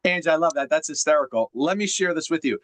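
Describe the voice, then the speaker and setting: A man's voice: on the high side, quick pace, a bit bright. A man coaching someone on a video call, emphatic and teacherly, asking rhetorical questions as he explains.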